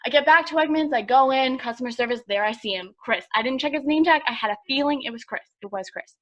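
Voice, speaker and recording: A woman's voice: high voice, quick pace, dull audio. A young woman co-hosting a podcast, telling stories in a chatty way with lots of fillers. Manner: chatty storyteller, many fillers. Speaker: podcast co-host. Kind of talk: casual chat.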